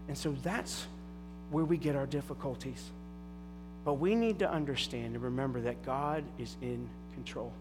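A middle-aged man preaching a sermon as a pastor, telling stories with emphatic asides. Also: mid-range voice. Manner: animated storytelling with emphatic asides. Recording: long hall reverb with faint music.

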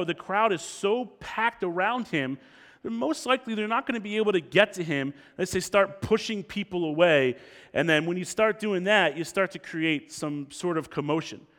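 Man preaching in a reverberant hall. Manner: animated, acts out the crowd's lines, drops low and slow for quotes. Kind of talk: expository sermon.

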